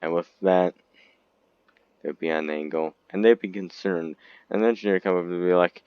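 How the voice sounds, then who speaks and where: Deep-voiced guy rambling n giggling thru a game vid, dry muffled audio. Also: steady tone, normal speed, long pauses, darkish tone, clean tone, no room sound. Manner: rambling, giggly, sudden squeaky outbursts. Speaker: gaming video creator. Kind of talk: casual game commentary. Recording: dull lo-fi recording, dry.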